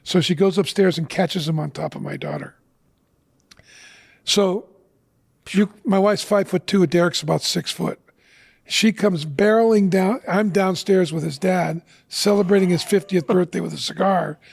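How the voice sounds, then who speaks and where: A man's voice: high voice, normal speed, vocal fry, breathy edge. A middle-aged man telling a personal story as a guest on an interview show, earnestly acting out the lines of the people in it.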